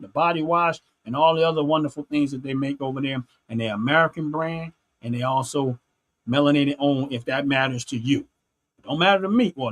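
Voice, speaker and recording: A man's voice: fairly high pitch, a bit bright. Earnest man on a preachy rant. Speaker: channel host. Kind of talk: solo opinion monologue.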